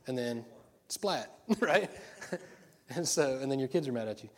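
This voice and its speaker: A middle-aged pastor with a drawl delivers a sermon. He keeps it loose and chatty, cracking jokes and laughing between points, and his voice sits at an ordinary pitch for a man. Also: expressive, unhurried, darkish tone. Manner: chatty and joking, laughs often.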